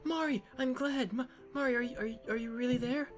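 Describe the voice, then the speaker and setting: A man's voice: very high voice, steady tone, brisk, soft background music, voice pushed up. A man voicing an anxious teenage girl looking for her little sister, in a raised, earnest, pleading voice.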